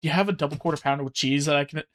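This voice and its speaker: A polite chain devil customer stammers through a fast-food order, hesitant and casual, as a streamer puts him on. The voice sits at a middle pitch and sounds like an everyday talker in a tabletop game joke. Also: close to an everyday voice.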